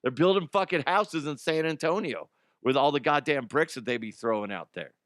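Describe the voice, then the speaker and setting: A man with a fairly high, expressive, fairly bright voice hosts a casual sports talk show at a moderate pace, in a dry, studio-quality recording. He rants with profanity and sarcasm, laughs at his own jokes, and does mocking impressions of fans and players.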